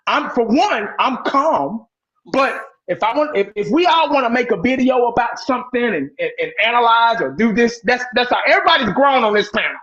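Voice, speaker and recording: A man's voice: high voice, expressive, normal speed, a bit bright. A man on a sports talk panel, rambling and impassioned, cursing and repeating his points. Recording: dull lo-fi call audio.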